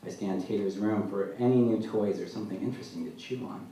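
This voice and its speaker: A man as an author at a live literary reading, telling his story in a dry, deadpan way, recorded from far off in a large hall. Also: on the low side, fast talker. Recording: echoey hall, mic far off, faint noise.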